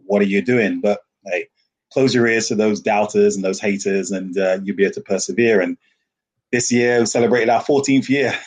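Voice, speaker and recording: A man's voice: lowish voice, a little mellow, husky. A man, a festival founder, talking animatedly in an interview, laughing often and acting out voices in his stories. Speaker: rum festival founder, guest. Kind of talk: casual interview talk.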